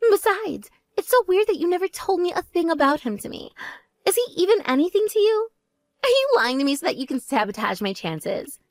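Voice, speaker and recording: A woman voicing a spoiled, vain young woman who talks in a mocking, shrill and demanding way. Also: very animated, brisk, no room sound, clean studio sound, exaggerated voice. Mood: indignant.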